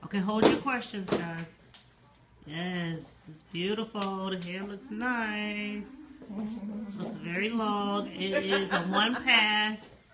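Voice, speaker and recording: A woman's voice: mid-range voice, steady tone, slow pace, heavy background noise. A woman hair stylist talking in a salon, brief and matter-of-fact about the finished hair. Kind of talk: casual chat. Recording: crowd chatter behind.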